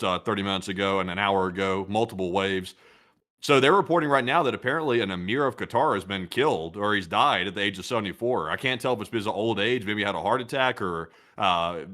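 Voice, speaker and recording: A man's voice: lowish voice, fairly bright tone. A tired man co-hosting a late-night live news stream, rambling with many hesitations as he reads reports. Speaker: livestream news co-host reading chat questions.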